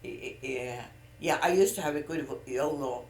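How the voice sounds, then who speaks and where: An older woman, a grandmother, talking haltingly and reflectively in a casual family interview, her voice aged and thin of its old range. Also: rumbling low, slight background noise. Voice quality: aged voice with little singing range left. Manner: halting and reflective, with restarts and trailing off. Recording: roomy echo.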